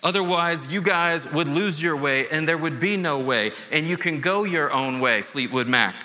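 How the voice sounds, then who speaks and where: A man pastor giving a conversational, animated sermon with playful asides. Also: fairly high pitch, normal speed, long reverb tail, a little hiss or hum.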